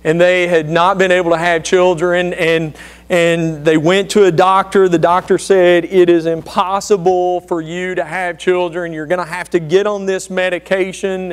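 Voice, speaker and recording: A man's voice: high voice, clean tone. A man in his thirties preaching a sermon, telling personal stories in an earnest, conversational way with frequent restarts. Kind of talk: sermon storytelling.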